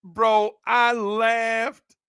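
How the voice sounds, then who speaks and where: High, gravelly man telling a comic story. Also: extremely slow, no room sound, clean studio sound. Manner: animated, laughs often, calls the listener bro. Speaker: storyteller host.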